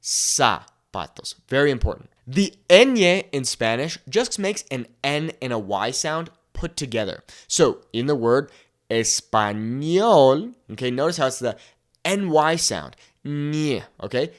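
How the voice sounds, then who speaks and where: A young male tutor gives a pronunciation lesson with a lively, bouncing pitch. He keeps checking in with a quick "okay?" and drawls each example word slowly so it can be copied. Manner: checks in with "okay?" after nearly every point; slows and stretches example words to model them. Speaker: Spanish tutor.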